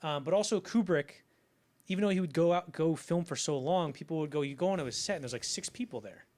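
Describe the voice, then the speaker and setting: A young man with a voice on the high side and a darkish tone speaks at a quick pace. He co-hosts an informal film-history podcast, meandering through anecdotes and acting out their figures in quoted voices.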